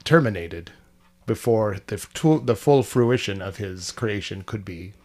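A single-minded robot killer, played by a man on a comedy podcast, talking in a flat, mechanical way. The voice sits fairly low. Now and then it glitches and repeats itself. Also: a little slow. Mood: deadpan. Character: deadpan male robot assassin, single-minded. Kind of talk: improvised comedy podcast bit.

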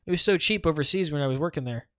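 A man rambles through a casual podcast chat, circling back with many restarts. His voice sits a bit high. The sound is dry and close. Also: racing, fairly bright tone, dry recording. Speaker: podcast guest. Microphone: remote voice call.

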